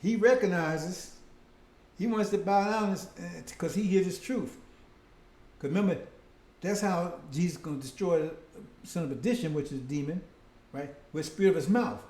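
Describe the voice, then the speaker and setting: A man's voice: high-pitched, normal speed, darkish tone, echoey room. A man preaching a casual, conversational sermon, often breaking in with "see?" and "right?".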